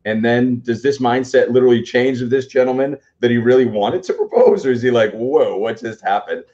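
Man, co-host, rambling questions, warm dark tone, dull lo-fi video call audio. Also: mid-range voice, fairly quick. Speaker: podcast co-host and coach. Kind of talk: casual interview questions.

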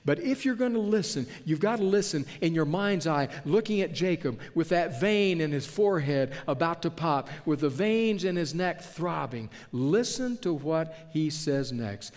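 A man preaching a sermon in an animated way, acting out the characters in the story he tells. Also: on the high side, normal speed, few pauses. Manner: animated, acts out the characters he describes. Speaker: pastor. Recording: long hall reverb.

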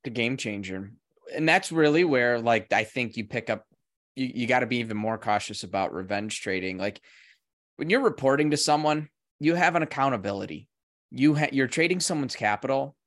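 A man hosting a podcast in casual chat, an animated storyteller who speaks in quick bursts. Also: medium pitch, no echo, clean studio sound. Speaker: podcast host.

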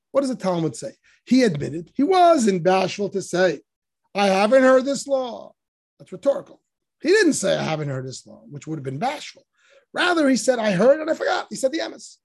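In his class on religious commentary, a Torah teacher explains texts using emphatic rhetorical questions, his voice rising on quotations. He speaks with a high-sitting, slightly mellow voice.

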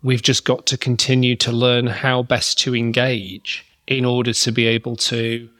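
A man's voice: medium pitch, little pitch movement, unhurried, fairly bright tone. A man hosting a business podcast, talking in a thoughtful, rambling way with fillers and restarts. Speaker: podcast host. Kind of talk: conversational interview and wrap-up.

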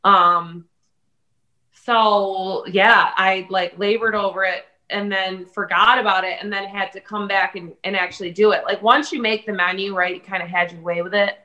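A woman chef talking as a guest on a video call, telling lively, swear-laced stories and mimicking her family's voices. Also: mid-range voice, moderate pace, lo-fi sound. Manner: animated storyteller who swears casually and mimics family voices. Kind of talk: casual video-call chat.

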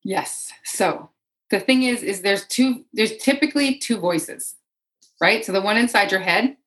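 A woman's voice: mid-range voice, measured pace, fairly bright tone, poor audio. A woman who works as an energy healer, explaining as a podcast guest in an earnest way, often repeating phrases for emphasis. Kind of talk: conversational interview.

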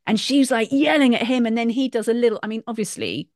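Middle-aged woman, podcast host, lively storyteller, dry close sound. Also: a little high, fast talker, no room sound. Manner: animated, acts out voices in quotes. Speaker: podcast host, parenting coach. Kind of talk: casual conversational interview.

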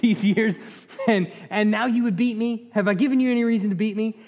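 A man's voice: sits high, fairly quick, darkish tone, pitched above the performer's own voice, close to an everyday voice. A man voicing a hurt, pleading donkey. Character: wounded talking donkey, pleading. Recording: echoey hall reverb.

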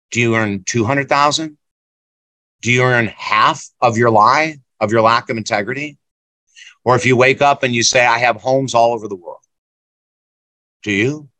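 A man's voice: mid-range voice, bright, forceful tone, no echo. A man in his sixties, a guest and motivational speaker, telling a story in an emphatic, blunt, preachy way. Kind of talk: storytelling in conversation.

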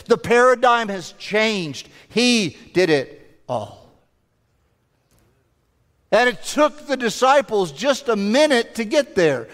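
A man delivers a sermon in a high-pitched voice, earnest and building through repetition and rhetorical questions. His words ring out with a long reverb in a church sanctuary. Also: sing-song, very slow, fairly bright tone. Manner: earnest preaching with repeated phrases and rhetorical questions. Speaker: pastor.

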